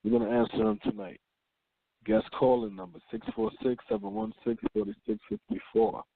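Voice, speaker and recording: A man hosting a call-in talk radio show, speaking in an unhurried, reflective way and reading a news story aloud. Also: on the low side, wildly swooping pitch, gravelly, no room sound. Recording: phone-line call-in audio.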